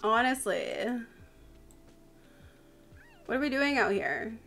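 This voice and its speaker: Tired woman streaming a game, slow talker, some vocal fry, keeps chatting to her characters. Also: on the high side, very animated, fairly bright tone. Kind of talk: live gameplay commentary.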